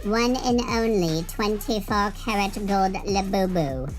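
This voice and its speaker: A man voicing a gold Labubu collectible doll in a jokey, put-on British accent, speaking slowly. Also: high voice, faint music behind, low-quality recording. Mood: mock grand. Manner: mock British accent, drawn-out and slow.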